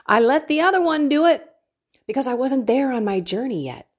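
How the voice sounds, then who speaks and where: A middle-aged woman talking to an online group about faith. She is open and emotional, pokes fun at herself, and her voice rises and falls a lot. Her tone is a little husky. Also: high-pitched, brisk. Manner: candid and emotional, lively, self-deprecating. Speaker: faith and life coach.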